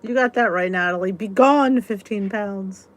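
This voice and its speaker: A woman hosting a live weight-loss support chat, talking casually, reading out viewers' comments and venting with a laugh. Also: mid-range voice. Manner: chatty, exclaiming, quick to vent and laugh.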